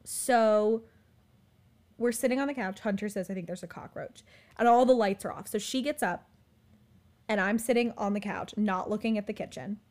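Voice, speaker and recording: A young woman in her twenties telling a story in casual chat, animated and full of fillers. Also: mid-range voice, normal speed. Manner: animated, filler-heavy, frequent "like".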